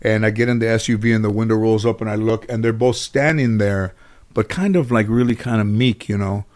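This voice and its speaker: A man's voice: on the low side, steady tone, brisk, a little mellow. A middle-aged American man, a comedian and actor, telling stories as an interview guest in a casual, rambling way, full of fillers and restarts.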